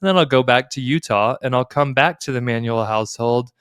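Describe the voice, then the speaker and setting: A man's voice: medium pitch, a little fast, fairly bright tone, smooth, no room sound, clean studio sound. A man co-hosting a casual podcast conversation, playfully quizzing his co-host like a game show.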